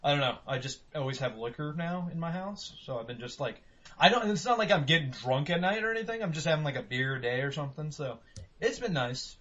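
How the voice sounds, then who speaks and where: A young man hosts a casual podcast in a rambling, profane, animated way, his pitch swinging widely over a slightly raised voice. His tone is husky. The audio is dull and lo-fi. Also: quick pace. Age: young adult. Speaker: podcast host.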